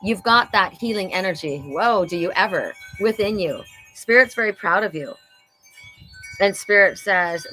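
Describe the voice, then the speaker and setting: A woman's voice: mid-range voice, normal speed, bright, forceful tone, faint music behind, poor audio. A woman doing a live oracle card reading, passing on spirit messages in an earnest, enthusiastic way.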